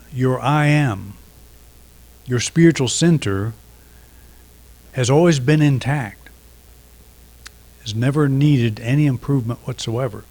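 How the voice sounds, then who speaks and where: A middle-aged man giving a reflective sermon, unhurried, pausing often and restarting phrases. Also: medium pitch, darkish tone. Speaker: minister.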